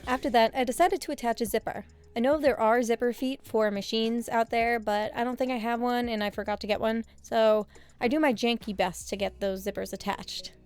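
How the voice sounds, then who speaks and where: A young woman narrating a sewing vlog in a casual voice-over, with deadpan, self-mocking jokes. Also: fairly high pitch, a little fast, clean tone, faint music behind. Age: young adult. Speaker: sewing vlogger.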